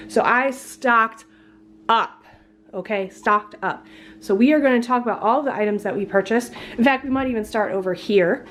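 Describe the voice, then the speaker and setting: A woman's voice: fairly high pitch, measured pace, slight background noise. A woman with a congested voice, chatty and laughing often, filming a casual grocery haul vlog at home. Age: adult student with a job. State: sick, congested voice. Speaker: vlogger. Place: at home, kitchen.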